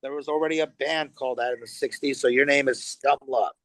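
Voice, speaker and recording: A man's voice: medium pitch, a little fast, no room sound. A middle-aged man from Los Angeles, a guest musician telling stories in a casual interview, acting out quotes and swearing freely. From Los Angeles, USA. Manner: animated storyteller, acts out quotes, swears freely.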